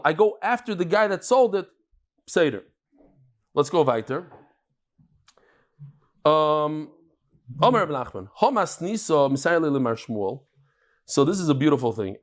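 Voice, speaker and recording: A man teaching a Talmud class to a live room, telling stories and jokes in a chatty way. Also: on the high side. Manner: joking, storytelling, chatty with laughs. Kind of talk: daf yomi lecture with jokes and stories.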